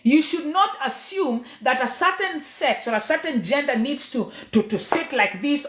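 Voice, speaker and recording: A woman who is a teacher, public speaker and MC talks passionately to her followers, emphatic and preacher-like, moving between loud and quiet. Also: high-pitched, animated, moderate pace, hardly any pauses. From Kenya. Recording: echoey room.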